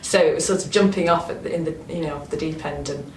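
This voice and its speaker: A Northern English woman, an actress being interviewed, who talks with animated enthusiasm and often restarts her sentences. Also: deep voice, quick pace. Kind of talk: casual interview chat. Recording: roomy, distant mic with faint noise.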